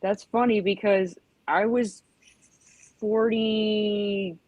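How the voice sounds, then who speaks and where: A woman's voice: medium pitch, fairly even intonation, slow pace, darkish tone, no room sound, highs cut off. A woman in her forties telling a rambling story in casual chat, full of "you know" and "like", acting out yelps. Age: 40s. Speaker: podcast host.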